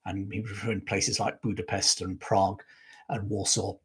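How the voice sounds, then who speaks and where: A man hosts a live-stream history show, rambling through his stories, correcting himself often and using plenty of fillers. His voice sits on the low side and is husky, with a level tone and normal speed.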